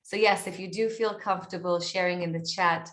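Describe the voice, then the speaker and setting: A woman's voice: fairly low pitch, fairly even intonation, fairly quick, fairly bright tone, reverberant. A woman with an Israeli accent, an author and coach speaking earnestly in an online interview, often repeating words as she searches for her phrasing.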